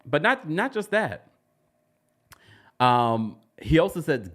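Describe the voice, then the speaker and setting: Man, host, casual recap chat, sassy, very lively pitch. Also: measured pace, long pauses. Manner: animated, sassy, with jumps up in pitch and laughs.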